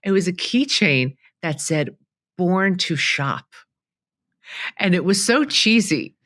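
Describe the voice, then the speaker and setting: Bright-voiced woman, chatty talk show guest. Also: fairly low pitch, slow pace, dry recording, studio quality. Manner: chatty, animated storytelling, laughs easily. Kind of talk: casual interview chat.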